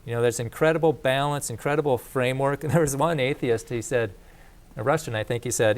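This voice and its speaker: A man gives a casual lecture to a class in a plain, conversational way. His voice sits at a mid pitch, and he often restarts phrases and adds asides as he explains. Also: brisk. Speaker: teacher of a creation course.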